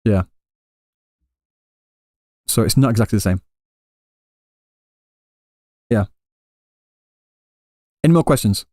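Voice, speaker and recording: A man's voice: lowish voice, animated, slow, long pauses, dark tone, no echo, clean studio sound. A male streamer living in Japan answering live chat questions in a casual, rambling way with many restarts. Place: Japan, Kansai area.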